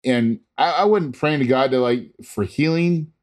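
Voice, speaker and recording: A man's voice: medium pitch, unhurried. Man, casual first-person storyteller, earnest and rambling, lots of restarts. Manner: imitates monitor beeps.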